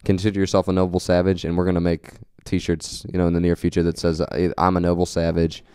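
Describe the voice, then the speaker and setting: Young male co-host, deep mellow voice, earnest rambling motivational chat, dry close mic. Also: monotone, quick pace, smooth, dry recording. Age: young adult. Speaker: podcast co-host. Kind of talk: casual chat.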